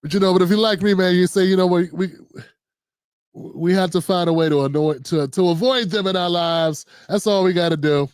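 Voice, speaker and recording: Hosting a livestream, a man from Maryland, USA talks casually in a loose monologue, often asking "you know what I'm saying." His voice sits high and moves a little fast, with a darkish, smooth tone on a dry recording.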